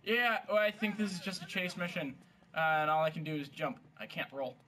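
A man playing a video game and commenting casually, excitable and swearing, shouting at the game. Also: fairly high pitch, fairly quick. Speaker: gamer playing on stream.

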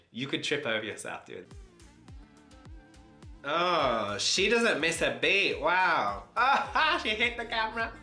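A man excitedly reacting to a dance video, gushing with frequent oohs and exclamations. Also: on the high side. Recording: echoey room with music underneath. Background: music playing.

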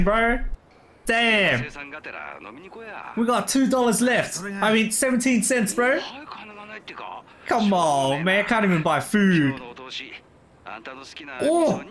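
A man casually commentating his gameplay, excitable, laughing often and saying "bro" all the time. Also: very high-pitched. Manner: excitable, laughs a lot, says "bro" constantly. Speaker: gameplay streamer. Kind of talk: casual let's play commentary.

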